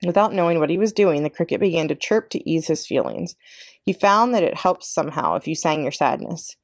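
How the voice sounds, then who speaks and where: A librarian woman reading a children's chapter book aloud with expressive narration. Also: low voice, fairly quick, no room sound, studio quality. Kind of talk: read-aloud storybook narration.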